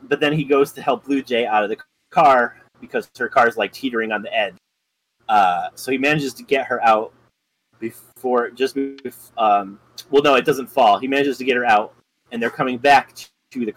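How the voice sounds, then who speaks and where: A man's voice: medium pitch, moderate pace, fairly bright tone, low-quality recording. A man co-hosting a podcast, casually retelling a story in a rambling way, full of ums and likes. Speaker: podcast co-host.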